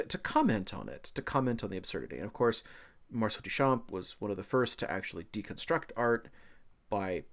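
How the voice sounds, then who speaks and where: A man giving a recorded art history lecture, animated and excitable, with frequent fillers and self-deprecating dad jokes. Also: deep voice.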